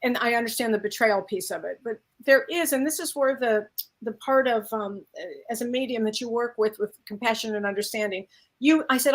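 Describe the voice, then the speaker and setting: A woman's voice: a little high, fairly quick. A woman co-hosting as a medium, telling a story in casual chat with plenty of fillers. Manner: anecdotal storyteller, frequent fillers. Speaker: medium and co-host.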